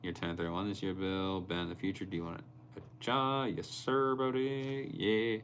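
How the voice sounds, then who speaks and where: Low-voiced young man chatting with his live stream. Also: normal speed, slight background noise. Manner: chatty, answers chat comments by name, animated storytelling. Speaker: livestreamer reading chat. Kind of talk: casual live-stream chat.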